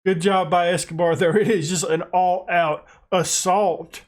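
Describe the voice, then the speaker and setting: American guy, gaming commentary, excitable, self-mocking, a bit high-voiced. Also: a little slow. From United States. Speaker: gaming YouTuber. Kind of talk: casual gameplay commentary.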